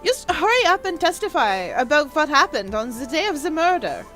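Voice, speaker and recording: A woman's voice: sits high, big pitch swings, moderate pace, fairly bright tone, faint music behind. A woman doing scornful German prosecutor. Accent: put-on German. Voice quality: clipped, scornful. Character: cold haughty young female prosecutor.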